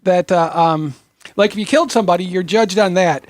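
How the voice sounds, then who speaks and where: A man in a casual group discussion, explaining history in a halting way with many fillers. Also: high-pitched, no room sound, clean studio sound. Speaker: discussion participant.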